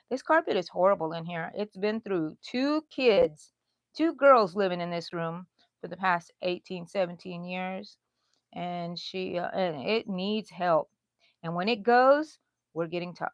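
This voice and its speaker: She's a crochet channel host in her 60s, casually rambling to livestream viewers from a bedroom at home. Her voice is on the low side and a little slow, with no echo but dull audio.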